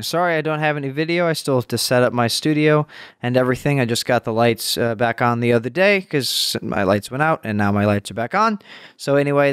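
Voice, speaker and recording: A man commenting on a TV clip at home, sarcastic and profane, jumping into high mocking voices. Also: clean tone, dry recording, clean studio sound. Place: home room. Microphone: home mic being tested.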